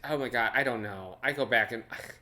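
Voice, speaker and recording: A man's voice: mid-range voice, fairly quick, over music. A young man hosting a reaction video, talking casually and animatedly, swearing and thinking aloud as he reacts.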